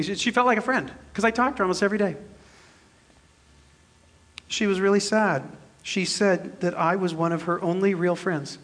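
A man in his fifties, a pastor preaching a sermon and telling a personal story in a jokey, self-deprecating way. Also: sits high. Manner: animated, shifts between loud and soft.

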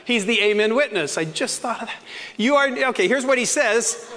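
A man's voice: sits high, animated, fairly quick, fairly bright tone. A middle-aged man preaching a sermon in a chatty storytelling way, acting out quotes and laughing often. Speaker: pastor. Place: church sanctuary. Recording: reverberant church hall.

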